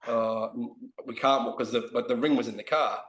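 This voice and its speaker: A man's voice: mid-range voice, fairly even intonation, normal speed, a bit bright, roomy sound. A man telling a long, self-mocking story in casual chat as a guest on a video call.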